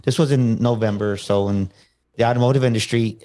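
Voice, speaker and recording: A man at medium pitch, speaking a little fast, tells a personal story in a relaxed interview where he appears as a motivational speaker. Animated throughout, he performs the quoted dialogue of the people involved.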